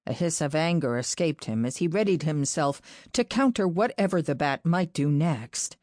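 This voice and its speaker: A woman narrating a fantasy audiobook in a steady, even storytelling manner. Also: sits low, normal speed, no room sound, studio quality.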